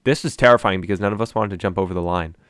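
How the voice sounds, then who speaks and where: Fast-talking man joking through a reaction video. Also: deep voice, a bit bright, smooth, dry recording. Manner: rambling asides and jokes to the viewer. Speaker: gaming video host reacting to old footage. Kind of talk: casual reaction commentary.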